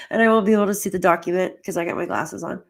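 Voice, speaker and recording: A woman with a somewhat low-pitched voice hosts a casual true crime livestream. She rambles in a chatty way, filling her sentences with "like" and greeting viewers by name as she goes through case documents. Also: fast talker, vocal fry, soft background music. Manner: chatty and rambling, heavy use of "like"; addresses chat viewers by name.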